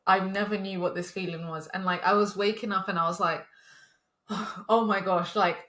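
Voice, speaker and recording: A woman's voice: mid-range voice, steady tone, brisk, bright, forceful tone, roomy sound. A woman in her twenties co-hosting a podcast, telling a story in casual chat with swearing and laughs. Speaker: podcast co-host.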